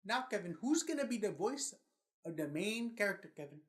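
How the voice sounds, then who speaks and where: A man's voice: high voice, big pitch swings, fairly quick, fairly bright tone. A man playing a pushy male movie studio boss in a comedy sketch. He talks in a bossy way and keeps repeating the other man's name. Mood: dismissive.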